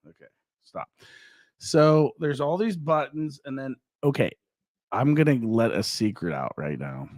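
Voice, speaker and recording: Lively, teasing man hosting a podcast. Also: medium pitch, unhurried, dry recording, clean studio sound. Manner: animated and playful, teasing. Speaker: podcast host. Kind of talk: joking studio banter. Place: podcast studio. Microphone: desk microphone.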